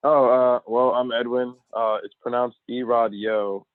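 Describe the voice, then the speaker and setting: A man guests on a podcast over a remote call, chatting casually in a loose, rambling way and swearing freely. His medium-pitched voice is clear and resonant with little pitch movement at a moderate pace. The call line sounds tinny, like a phone.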